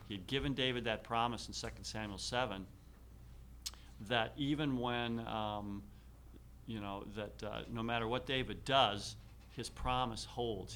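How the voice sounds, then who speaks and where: A man lecturing to a class in a bright, forceful voice. He reads out slowly and carefully, with frequent ums and uhs, and faint room sound sits behind him. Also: lowish voice, a little hiss or hum. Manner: slow, deliberate reading with frequent fillers. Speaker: teacher.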